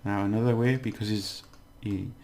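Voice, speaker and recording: A man giving a casual language lesson, explaining slowly and repeating words, with many fillers. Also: on the low side, fairly even intonation, darkish tone, slight background noise. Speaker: language teacher.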